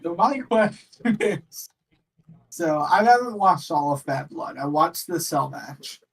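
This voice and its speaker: A man co-hosting a wrestling watch-along stream, opinionated and animated, laughing often. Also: fairly high pitch, slow, creaky, slightly rough. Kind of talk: casual livestream chat. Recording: voice sits distant from the mic.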